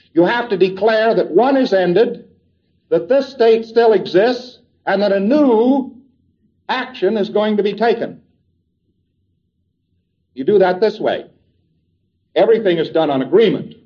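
A man's voice: sits high, lively intonation. Man lecturing on lo-fi old tape. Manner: deliberate, step-by-step explaining with quoted dialogue. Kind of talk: recorded lecture. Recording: dull lo-fi old tape recording.

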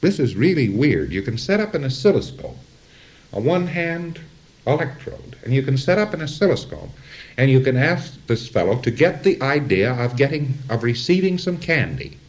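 A man's voice: medium pitch, big pitch swings, moderate pace. A man giving an informal lecture, rambling, acting out examples and often checking in with his listeners. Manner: rambling, illustrates with acted-out examples and asides.

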